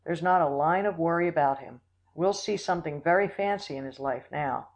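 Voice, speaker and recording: An audiobook reader voicing a gruff, dry-humored old male dog who talks low. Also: a little fast, natural voice.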